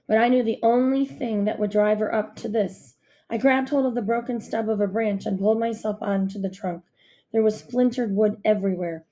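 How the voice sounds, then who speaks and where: A woman reading a novel aloud as narrator in a steady storytelling manner. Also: mid-range voice. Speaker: audiobook narrator. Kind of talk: scripted narration.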